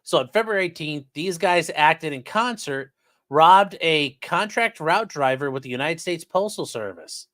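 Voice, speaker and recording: A fairly high-voiced man reads rulings aloud and then mocks them. He speaks straight to his chat, and the sound is dry and close. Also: expressive, moderate pace, fairly bright tone, no room sound. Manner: sarcastic, talks straight to chat, swears. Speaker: streamer discussing court cases. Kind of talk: casual livestream commentary.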